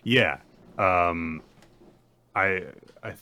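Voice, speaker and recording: A man co-hosting a podcast in casual chat, hesitant but lively when telling a story. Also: low-pitched, extremely slow. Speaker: podcast co-host.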